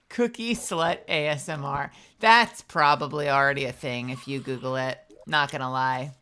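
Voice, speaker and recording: A woman's voice: very deep voice, a little slow, sharp tone, smooth. A woman streamer chatting casually late at night, loose and jokey with a lot of swearing.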